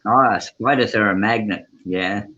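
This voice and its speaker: A man co-hosting a casual livestream chat, cheerful and quick to laugh. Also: lowish voice, pushed and bright. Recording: dull lo-fi stream audio with faint noise.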